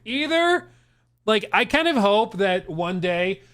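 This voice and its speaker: A man's voice: high voice, takes it slowly, no room sound. A man streaming live, reacting to clips with incredulous, laughing, casual commentary. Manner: animated and incredulous, laughs often, says "dude".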